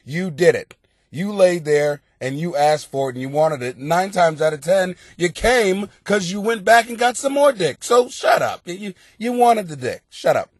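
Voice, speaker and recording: A middle-aged man hosting a comedic advice podcast, rowdy and profane, often breaking into loud laughter. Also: high-pitched, lively intonation, normal speed, slightly rough, no echo. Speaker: podcast host giving advice.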